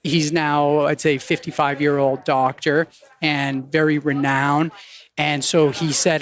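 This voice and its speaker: A man's voice: a little high, steady tone, moderate pace. A man as a podcast guest, telling casual anecdotes and acting out the people he quotes. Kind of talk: casual storytelling in conversation.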